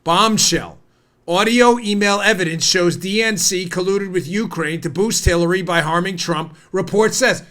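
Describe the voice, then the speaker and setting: A man's voice: sits high, moderate pace, a bit bright. A man hosting a podcast, delivering heated, sarcastic political commentary straight to his listeners. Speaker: podcast host.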